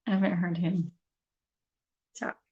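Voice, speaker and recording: A woman's voice: fairly low pitch, level tone, unhurried, darkish tone, highs cut off. A woman vlogging casually to her viewers, chatty and rambling, laughing as she talks. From Kansas City area. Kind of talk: casual chat to camera.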